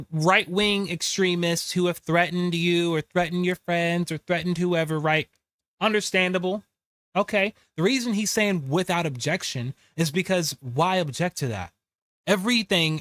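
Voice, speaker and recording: Excitable male commentary host, bright forceful voice, close and dry, a little higher than most men. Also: no room sound. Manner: excitable, talks back at clips, laughs often. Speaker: show host. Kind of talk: casual political commentary.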